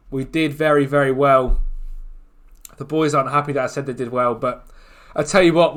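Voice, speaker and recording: A man commentating on his own football management game, excitable and quick to groan and shout at the action. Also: mid-range voice. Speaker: gaming YouTuber.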